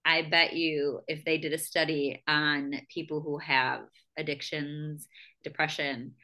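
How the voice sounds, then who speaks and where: A woman in her thirties who hosts a podcast, with a notably deep voice and a bright, forceful edge. She speaks candidly and with emphasis, and swears freely in casual chat. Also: flat delivery, measured pace. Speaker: podcast host.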